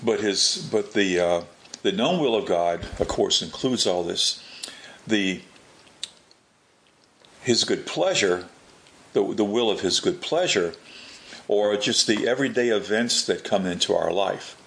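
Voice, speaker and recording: Low, gravelly male preacher. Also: animated, fairly bright tone. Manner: unhurried, repeats and restarts words. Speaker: Catholic preacher. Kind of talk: spoken religious teaching.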